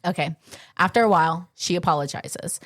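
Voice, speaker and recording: A woman's voice: fairly low pitch, a little fast, fairly bright tone, no echo, studio quality. A woman co-hosting a podcast, telling a story in casual chat, with many fillers and acted-out quotes. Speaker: podcast co-host.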